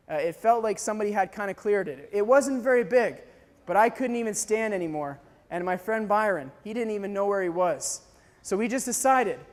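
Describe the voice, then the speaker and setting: A man from Canada telling a dramatic personal story to a live audience, acting out voices and shouts as he goes. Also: sits high, big-room sound. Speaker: speaker telling a mission story.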